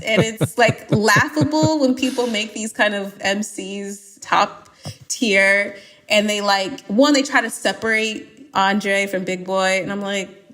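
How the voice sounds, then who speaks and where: A woman's voice: mid-range voice, slow pace, fairly bright tone. A young woman from Atlanta, a podcast guest chatting casually and emphatically, laughing often as she gives strong opinions. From Atlanta, United States.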